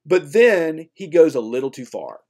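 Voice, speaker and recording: A man's voice: a little high, moderate pace. A man lecturing a class on literature in a conversational way, often checking in with "okay?" and "right?". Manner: animated, acts out voices when retelling.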